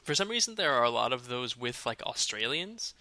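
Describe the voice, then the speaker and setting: A man co-hosting a casual chat, talking in a relaxed way with many fillers and restarts. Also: mid-range voice, fairly quick, no room sound.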